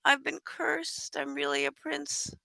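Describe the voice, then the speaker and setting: A woman voicing a cursed male wolf who pleads softly for help. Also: high-pitched, very animated, a little slow, creaky, no echo, pitched above the performer's own voice, exaggerated voice. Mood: pleading. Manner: soft, pleading.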